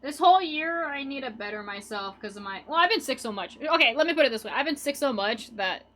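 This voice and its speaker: High, bright-voiced giggly woman streamer. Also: animated, quick pace. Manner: rambling and giggly, chatting with viewers. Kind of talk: casual stream chat.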